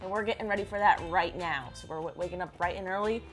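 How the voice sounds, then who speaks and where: A woman's voice: fairly low pitch, soft background music. A woman hosting a fishing vlog, chatting upbeat and giggly as she tastes food and signs off. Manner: upbeat, giggly, quick sign-offs. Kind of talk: casual vlog chat.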